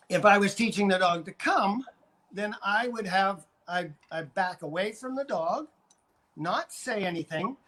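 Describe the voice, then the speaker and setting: An older Canadian dog trainer coaches viewers on a live stream, going over his points again and again with demonstrations. His voice sits high and has a fairly bright tone.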